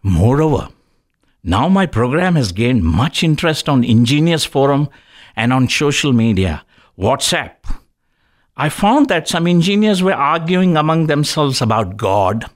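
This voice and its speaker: A man's voice: mid-range voice, measured pace. A middle-aged man hosting a healthcare talk show, telling anecdotes and jokes and acting out the people he quotes. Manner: animated storyteller who acts out quoted voices.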